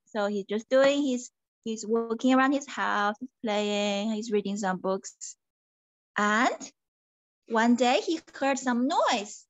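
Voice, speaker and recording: A woman teacher telling a children's story in an animated, sing-song way, switching between English and Mandarin. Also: on the high side, takes it slowly, no echo.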